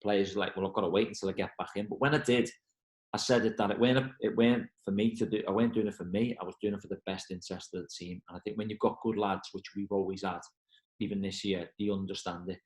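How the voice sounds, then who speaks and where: A man's voice: fairly low pitch, quick pace, echoey room, rough recording. A football manager, chatting in an interview and acting out the voices in his stories. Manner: animated storyteller, acts out quoted voices. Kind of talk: casual interview.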